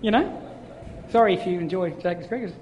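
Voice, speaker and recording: A male pastor preaching a lively sermon, telling stories and acting out little voices as he goes. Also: high voice, brisk, lo-fi sound, background noise. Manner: animated storytelling, acts out voices. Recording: long hall reverb.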